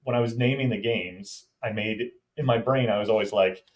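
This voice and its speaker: Rambling low-voiced male podcast host. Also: highs cut off. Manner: rambling, jokey, talks in quick bursts. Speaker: podcast co-host and game master. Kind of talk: casual podcast chat.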